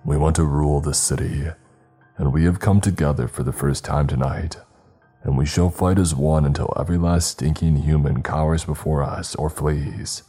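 A man voicing a cruel, vengeful male vampire leader in a slow, cold, menacing way. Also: a bass voice, steady tone, dark tone, husky, soft background music.

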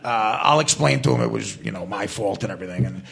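A man's voice: lowish voice, huge pitch swings, fast, vocal fry, a bit bright. A male comedian telling rambling, profane, self-mocking anecdotes as a guest at a live show. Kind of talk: comedic storytelling.

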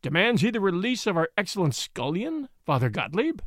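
A man's voice: sits high, sing-song, fairly quick, no room sound, clean studio sound. A man doing a roaring tyrant baron. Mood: scornful. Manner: roaring, commanding. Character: furious cruel robber baron, middle-aged man.

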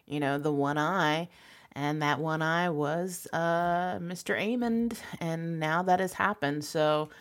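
A woman's voice: low voice, slow, clear, resonant tone. A woman in casual chat about a TV episode, loose and slangy, laughing often and using many fillers. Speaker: podcast co-host.

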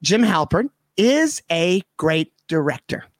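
A man's voice: on the high side, very animated, takes it slowly, dry recording. A man in casual podcast chat, rambling with fillers and quoting favorite comedy bits. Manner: chatty, fills with "like" and "uh", quotes comedy bits.

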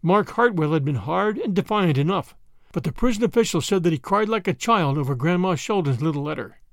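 A man narrating a classic short story in an expressive, measured storytelling manner. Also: sits high, no echo, studio quality, soft background music.

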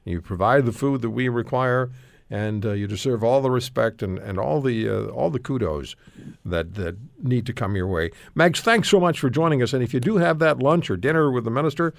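A man hosting a talk radio show, interviewing guests. He talks in an effusive, animated way, often repeating words as he starts a thought. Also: medium pitch, brisk, gravelly, no room sound.

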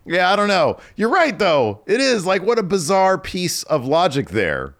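An American man co-hosting a podcast, chatting casually about wrestling with quick laughs and playful bits. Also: high voice. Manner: animated, laughing, mimics people in quotes. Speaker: podcast co-host.

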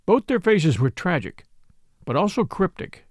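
Male narrator, scripted audiobook reading; lively, expressive delivery. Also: high-pitched, unhurried, dry recording, studio quality. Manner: expressive storytelling.

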